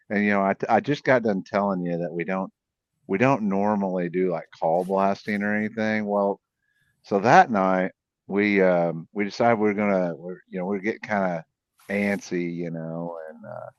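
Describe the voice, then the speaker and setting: A man, a podcast guest, telling a field story in a rambling, animated way with many restarts. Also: low voice, moderate pace, dry recording. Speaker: podcast guest, cryptid investigator. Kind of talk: casual storytelling. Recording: dull, dry, lo-fi sound.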